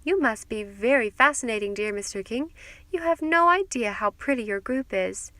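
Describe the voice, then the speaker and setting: A woman's voice: fairly high pitch, animated, normal speed, bright, forceful tone, no echo. A woman voicing a gushing, snobbish society mother who talks in an affected, effusive way.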